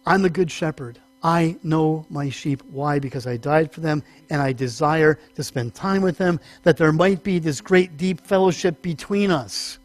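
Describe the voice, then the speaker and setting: High-voiced pastor telling stories. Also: male voice, moderate pace, hardly any pauses, dry recording. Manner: chatty storytelling with humorous asides; animated, acts out small voices in stories. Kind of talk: sermon teaching.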